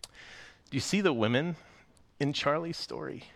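A man preaching a sermon as a pastor, speaking in a conversational, expressive way. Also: fairly high pitch, normal speed, vocal fry. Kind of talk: sermon with story reading.

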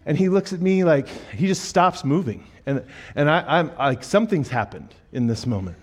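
A man preaching a sermon in a church, telling a funny story with lively acted-out quotes before turning to his teaching. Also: on the high side, moderate pace. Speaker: pastor. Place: church auditorium.

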